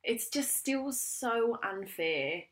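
A woman's voice: fairly high pitch, expressive, slow pace, a bit bright. A woman in her thirties, a comedian reacting emphatically in casual chat as co-host.

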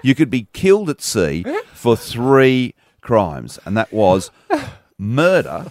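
A man co-hosting a comedy podcast. He explains absurd things in a flat, matter-of-fact voice at a middling pitch. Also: takes it slowly, dry recording. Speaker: podcast co-host. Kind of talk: comedic banter.

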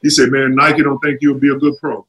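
A middle-aged man telling stories in a casual chat, animated and acting out what others said. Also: brisk, poor audio. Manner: animated, acts out quotes with jumps in pitch. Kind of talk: casual storytelling.

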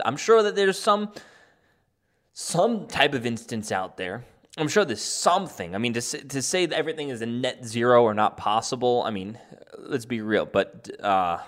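A male commentator with a medium-pitched voice, talking in a rambling, sarcastic way. He restarts his sentences and breaks into chuckles as he argues. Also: a bit bright. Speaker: political commentator. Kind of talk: opinion commentary.

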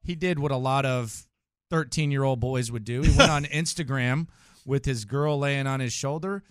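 A man's voice: medium pitch, normal speed, smooth, no echo, clean studio sound, faint music behind. A man hosting a sports radio show, giving his opinions in a conversational, opinionated way. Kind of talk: casual sports talk.

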